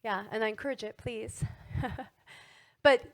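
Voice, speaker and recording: Woman, middle-aged, motivational talk, animated, fairly high voice, keeps asking the audience questions. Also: a little slow, gravelly. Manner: animated, asks the audience many tag questions. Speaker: wellness speaker.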